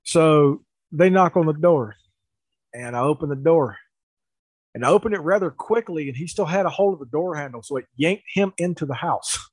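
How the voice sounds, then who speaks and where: A man's voice: fairly high pitch, moderate pace, husky, no echo, low-quality recording. Chatty man telling a story, dry sound. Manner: animated anecdote with laughs and restarts. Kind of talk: casual storytelling.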